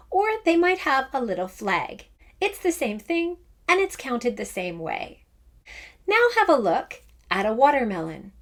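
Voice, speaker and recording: A woman teaching a children's music lesson, encouraging and chanting rhythm words aloud. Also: on the high side. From Canada. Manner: encouraging, speaks slowly and sings out rhythm words.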